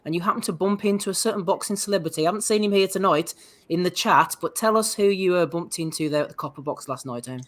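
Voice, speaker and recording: A man's voice: high voice, quick pace, a bit bright. A man hosting a podcast, leading the segment in casual, joking chat. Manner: jokey, leads the segment. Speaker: podcast host.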